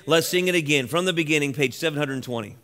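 A man's voice: on the high side, fast talker, pushed and bright, soft background music. A man pastor giving informal remarks in a church service, telling a story in a conversational way with frequent fillers. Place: church sanctuary.

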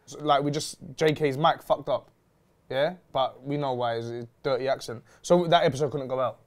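A man's voice: medium pitch, steady tone, normal speed. A man hosting a chat show, brash and teasing, swearing freely. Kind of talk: casual chat.

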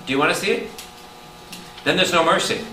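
Priest, lively preacher firing questions at the room, heard from far off in an echoey hall with noise behind him. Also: male voice, on the high side, a little fast. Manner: animated, calls out questions to the room. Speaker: priest teaching Bible study. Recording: roomy hall taped from a distance with noise.

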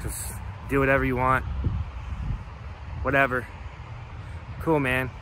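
Man, comedic rant, rambling and rhetorical, bright voice, slow unhurried delivery, faint traffic outdoors. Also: medium pitch, completely flat delivery. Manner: rambling, rhetorical, swearing, talks to unseen haters. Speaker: comedy vlogger. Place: outdoors on a hike.

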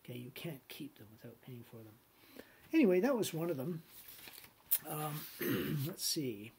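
A middle-aged man teaching business law in a conversational lecture, telling stories, acting out quoted voices and clearing his throat often. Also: fairly high pitch, very animated, a little slow, a little mellow. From Canada.

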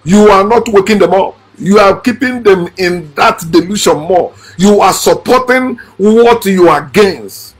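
A man delivering a blunt, lecturing monologue. He repeats his points and swings between shouting and quiet talk. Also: sits high, a little slow, few pauses. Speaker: channel host.

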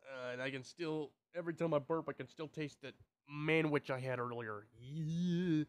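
A man's voice: fairly high pitch, moderate pace. A young man talking casually to his subscribers, rambling, tripping over his words and swearing now and then. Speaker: YouTuber.

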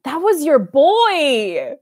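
A young woman giving casual watch-party commentary on a film, excitable and gushing, laughing often. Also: high voice, extremely slow, dry recording, studio quality.

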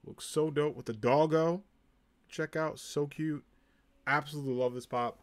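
A man's voice: a little high, steady tone, moderate pace. A young man with a New Jersey accent chatting casually on a live stream, upbeat and full of ums and likes. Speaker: live streamer showing a convention haul.

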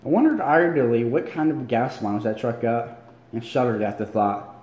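Recorded on a phone in an echoey room, a man reads a novel aloud at home in a casual read-along, weary and yawning, frequently tripping over words and fixing them. He's an amateur with a medium-pitched, darkish voice at a moderate pace, and the sound is lo-fi.

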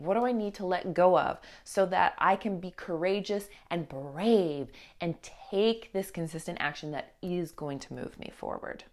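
Earnest woman business coach. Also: lowish voice. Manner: earnest and encouraging, emphatic repetition. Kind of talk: motivational talk to camera.

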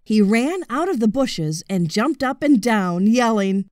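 A woman reading a children's storybook aloud in an expressive, deliberate way, close to the mic. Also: on the high side, no echo. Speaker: audiobook reader.

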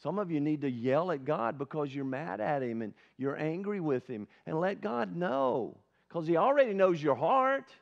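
Male pastor, earnest conversational sermon, high voice, muffled lo-fi recording. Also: lively intonation, normal speed, creaky, hardly any pauses. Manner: earnest, conversational, asks the congregation questions. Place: church service.

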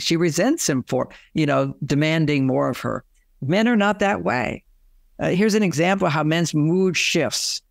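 An older man giving relationship advice through lively personal stories, often acting out both sides of a conversation. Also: on the high side, gravelly, no room sound, clean studio sound. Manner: animated storyteller, acts out dialogue. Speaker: relationship author and guest.

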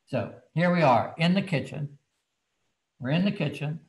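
A man, a children's book author, telling a story from his childhood in a casual, animated way. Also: on the high side, a little slow, low-quality recording.

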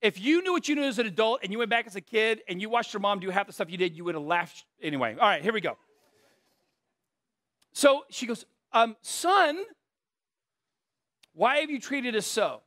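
High-voiced pastor preaching in a dry room. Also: male voice, lively intonation, fast talker, fairly bright tone, no echo. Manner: earnest, with joking asides and self-deprecating stories. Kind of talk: conversational sermon.

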